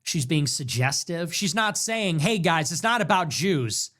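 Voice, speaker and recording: A man's voice: on the high side, expressive, unhurried, a bit bright. A man hosting a commentary show, reacting to clips in a mocking, sarcastic way and repeating phrases back. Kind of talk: political commentary stream.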